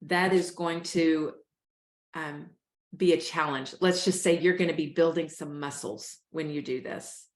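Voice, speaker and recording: A woman coaches listeners through a breathing exercise at a calm, steady pace. Her voice sits a little low. The recording has a roomy echo. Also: a little slow. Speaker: host, life coach. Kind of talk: guided breathing instruction.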